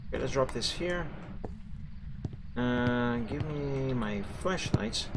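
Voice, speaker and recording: A man's voice: mid-range voice, slow, noisy background. A man streaming a ghost-hunting game live, chatting with viewers and reacting as he plays. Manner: chatty, jumpy, talks to chat while playing. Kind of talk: live gameplay commentary.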